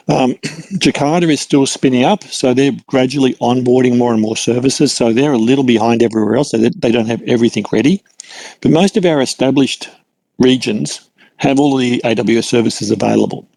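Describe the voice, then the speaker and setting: A man's voice: mid-range voice, gravelly, darkish tone, no room sound, rough recording. A middle-aged Australian man giving a conversational cloud computing lecture, with many fillers and restarts. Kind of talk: lecture with work anecdotes.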